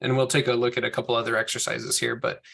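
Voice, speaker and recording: A man's voice: mid-range voice, monotone, quick pace, vocal fry, a bit bright. A man teaching a group language lesson, explaining patiently step by step and correcting himself as he goes. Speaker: Hebrew teacher.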